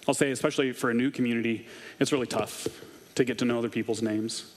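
A man of medium pitch preaching to his congregation in a loose, conversational way, dropping wry, snarky asides. His voice carries a long reverb tail from a large hall. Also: fairly even intonation, fast talker. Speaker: pastor. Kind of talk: conversational sermon.

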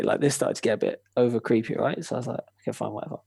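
A man's voice: medium pitch, very fast, vocal fry, mellow, husky, dry recording. A young man telling a story in casual chat, acting out quoted voices with swearing and laughter.

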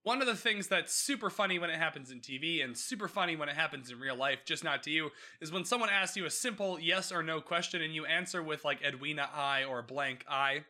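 A man hosting a podcast, chatting casually through a TV episode recap, animated and swearing freely as he acts out the characters' lines. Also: a little high, fast talker, hardly any pauses. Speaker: podcast host.

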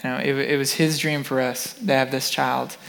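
A young man sharing a personal faith testimony alongside his wife, earnest and lively when he quotes himself. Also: medium pitch, normal speed, gravelly, in a large hall.

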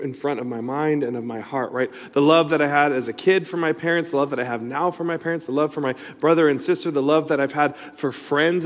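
A middle-aged man preaching a sermon, telling a personal story in a loose, conversational way with many asides. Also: fairly high pitch. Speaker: pastor. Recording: long reverb in a large hall.

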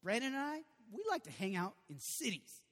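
High-voiced animated male preacher. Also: a little fast. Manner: animated, conversational preaching with loud bursts. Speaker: pastor. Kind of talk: sermon. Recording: long reverb of a large hall.

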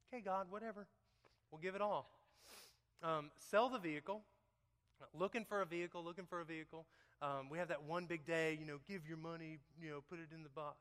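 A man's voice: a little high, a bit bright, smooth. A man giving a folksy, joking testimony to a church congregation, talking straight to the crowd. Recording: long hall reverb.

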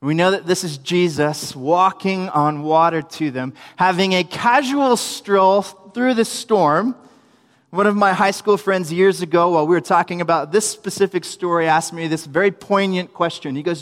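Young male preacher with a high voice, animated storyteller, long room echo. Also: moderate pace. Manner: storytelling, animated, acts out quotes, humorous asides. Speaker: preacher, youth minister. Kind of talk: sermon.

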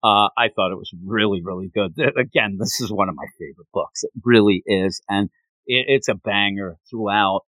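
A man co-hosting a podcast, recapping a manga chapter in an excitable, rambling way. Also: on the low side, normal speed, no echo, low-quality recording. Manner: excitable, rambling, acts out quotes. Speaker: podcast co-host.

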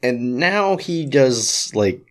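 A man's voice: medium pitch, very animated, slow pace. A man co-hosting a casual podcast chat over whiskey, teasing dryly and swearing. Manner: dry, teasing, profane. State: drinking whiskey. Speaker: podcast co-host.

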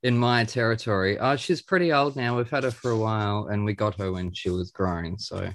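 An excitable, theatrical man hosting a chat, sometimes rattling off a long tongue-twisting introduction. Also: fairly low pitch, fairly quick. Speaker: podcast host. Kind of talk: casual chat and rapid scripted intro.

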